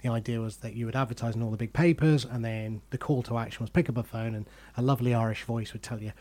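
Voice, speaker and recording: Chatty man with a mellow voice. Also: medium pitch, fairly even intonation, fast talker. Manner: chatty, self-deprecating storyteller. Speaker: podcast host. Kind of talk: casual conversation.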